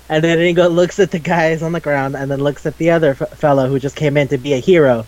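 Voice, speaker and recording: A man's voice: on the high side, fast, hardly any pauses. A young man casually recapping an anime episode, swearing often and acting out the characters' lines. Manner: animated, swears a lot, acts out characters' lines. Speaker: podcast co-host.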